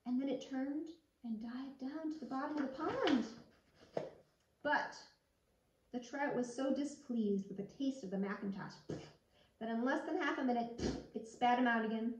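A woman reading a children's picture book aloud in an expressive, lively way. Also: fairly high pitch, normal speed. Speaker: children's storyteller. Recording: roomy, distant, dull lo-fi sound.

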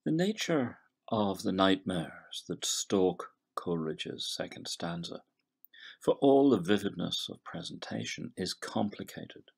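A middle-aged man, a literature professor giving a recorded poetry lecture in a measured, analytical way, trailing off softly at the ends of phrases. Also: low voice, gravelly, husky. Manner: scans verse syllable by syllable.

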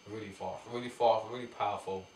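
Young boxer, low-key slangy chat, echoey room, distant mic. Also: male voice, fairly even intonation, fast talker, a little mellow, a little hiss or hum. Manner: laid-back slangy banter. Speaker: professional boxer guest. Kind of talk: casual chat.

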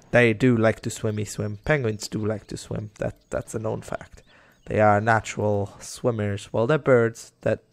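A man's voice: on the low side, creaky, dry recording. A young man giving casual, rambling commentary over a game, talking to the animals on screen and getting exasperated with them. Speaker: gaming YouTuber.

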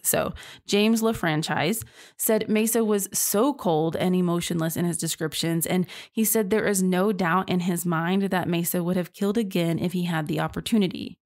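Woman, true crime podcast host, chatty and expressive, casual narration. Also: medium pitch. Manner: chatty and expressive, addresses listeners as y'all.

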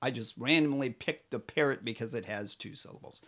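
A man's voice: mid-range voice, wildly swooping pitch, moderate pace, a bit bright, husky. A man teaching a children's music lesson, playful and rambling, singing short phrases and often correcting himself. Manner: drums on a table.

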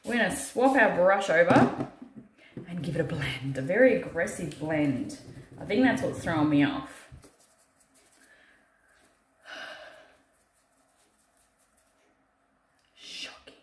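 Running on little sleep, a makeup artist chats through her tutorial, mocking herself and swearing casually as she works. Her voice is on the low side and sing-song at a moderate pace, with a noisy background and a roomy echo.

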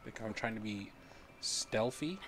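A man's voice: fairly low pitch, measured pace, a bit bright, a little hiss or hum. A man casually commenting on his gameplay, joking and talking to himself as he plays. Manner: playful, jokey, talks to himself while playing. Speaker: gaming streamer. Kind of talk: casual let's-play commentary.

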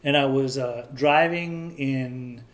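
A man's voice: medium pitch, slow pace. A man in his thirties from Southern California, telling his own story in an interview in a candid, plain-spoken way and acting out the voices of people he quotes.

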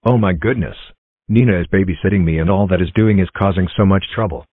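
A man's voice: sits low, quick pace, no echo, narrow, tinny audio. A male computer voice playing a whiny, petulant cartoon boy who throws tantrums. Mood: scheming.

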